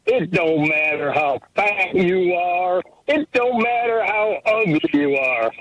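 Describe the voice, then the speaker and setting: A man calling in to a sports radio show, telling a story in a loud, slow way. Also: sits high, animated. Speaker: caller. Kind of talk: call-in radio chat. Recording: crackly distant phone line.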